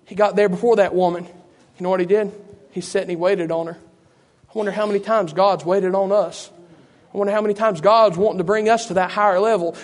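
A man's voice: sits high, fairly even intonation, fairly quick. A man preaching a sermon as pastor, calling out rhetorical questions to his church.

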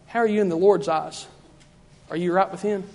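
This man preaches a fervent revival sermon in a church hall that adds a long reverb, returning again and again to the same phrases. He speaks at a moderate pace in a steady tone, his voice pitched high for a man and a little mellow.

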